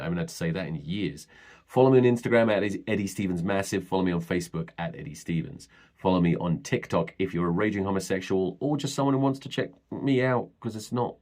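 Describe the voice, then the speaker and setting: A deep-voiced man hosts his own podcast alone and rambles through a blunt rant. He swears freely, stops and restarts his thoughts, and sounds casual and unpolished. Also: darkish tone. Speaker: podcast host.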